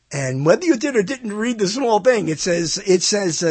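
Animated husky-voiced male radio host. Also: high-pitched, a little fast, hardly any pauses, no echo. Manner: animated storytelling, mock voices for others. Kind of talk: rambling monologue.

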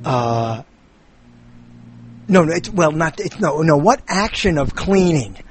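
A man's voice: on the high side, expressive, noisy background. A man in casual chat, telling pun riddles with lots of laughter and restarts. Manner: giggly, halting, keeps restarting his riddles.

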